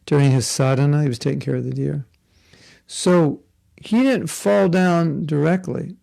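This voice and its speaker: A man's voice: a little high, normal speed, gravelly, mellow. A man giving a conversational devotional class, telling a story with asides and jokes. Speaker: spiritual teacher. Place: Florida.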